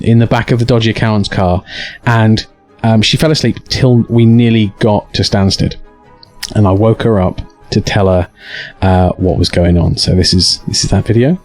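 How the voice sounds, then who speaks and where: A young man hosting a live stream, telling a story with many restarts and acted-out quotes. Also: on the low side. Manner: animated, stammering restarts, acts out quotes. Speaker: streamer host.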